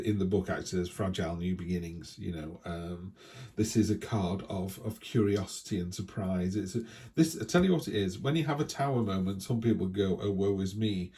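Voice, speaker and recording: Casual male tarot reader, low warm voice, rambling and friendly restarts. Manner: chatty, thinking aloud, with many restarts.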